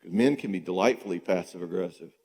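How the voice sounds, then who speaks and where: A man's voice: low-pitched, fast, slightly rough. A middle-aged man giving a conversational teaching talk at a marriage conference, acting out spouses' lines. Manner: animated, acts out spouses' dialogue. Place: church hall. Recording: long reverb in a church hall.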